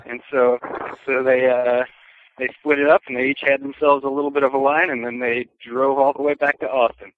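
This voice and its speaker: Guy spinning a yarn, laid-back and chatty, bright voice, dry close sound. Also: mid-range voice, brisk, dry recording, rough recording. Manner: relaxed, chatty, acts out quoted voices, chuckles. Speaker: storyteller. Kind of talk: casual podcast storytelling.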